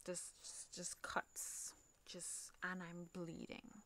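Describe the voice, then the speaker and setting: A woman with a Trinidadian accent hosting a podcast, telling a personal story in a halting way, repeating words, swearing and sometimes dropping almost to a whisper. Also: lowish voice, monotone, sharp tone. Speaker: podcast host.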